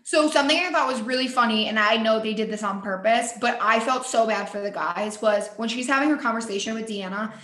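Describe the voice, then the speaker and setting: A woman's voice: on the high side, a little fast, few pauses, fairly bright tone, reverberant. A young woman co-hosting a podcast in casual chat, talking chattily with many "like" fillers. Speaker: podcast co-host.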